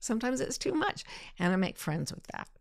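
A woman's voice: fairly high pitch, sing-song, a little fast, gravelly, no echo, clean studio sound. A woman hosting a talk, answering listener questions in a candid, self-deprecating way. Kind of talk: reflective casual talk.

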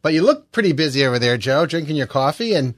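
A man's voice: fairly high pitch, very animated, fast, no room sound, clean studio sound. A male radio host, chatting on air in a friendly, rambling way with lots of fillers. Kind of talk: talk radio hosting. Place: radio studio. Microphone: studio microphone.

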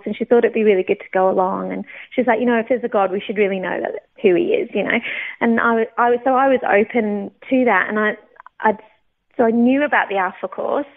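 A woman with a fairly high voice tells her faith story with lively storytelling, acting out what she once thought. The sound is thin and narrow, like a phone line heard over the radio. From United Kingdom. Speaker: interview guest. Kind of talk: personal faith testimony.

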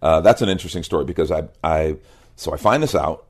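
A man who is a pastor, a guest on an interview show, telling a personal story in a lively way and quoting the people in it. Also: very deep voice, fast talker. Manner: lively anecdote teller who quotes others.

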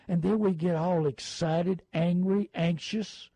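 A middle-aged man giving folksy car-buying advice, with lively storytelling. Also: sits high, takes it slowly, dry recording, low-quality recording.

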